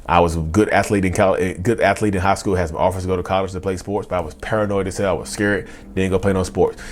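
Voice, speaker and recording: A man in his thirties telling his own story straight to viewers, who keeps saying "y'all" and "you know" and acts out his old outbursts in a loud, raised voice. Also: fast, slight background noise. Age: 30s. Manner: animated, acts out past outbursts in a loud high voice. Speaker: vlogger. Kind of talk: confessional storytelling.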